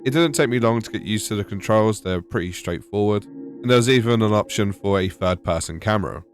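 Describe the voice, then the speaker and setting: A British man with a lowish voice narrates a gaming video in a dry, sarcastic way. Soft music plays underneath. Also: fairly quick. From United Kingdom. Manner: wry, sarcastic. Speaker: gaming YouTuber. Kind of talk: scripted gaming voice-over. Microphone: voice-over.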